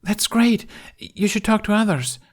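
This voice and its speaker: A man reading fan fiction aloud, voicing an earnest, excitable young boy in a high, urgent voice. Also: normal speed. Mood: excited.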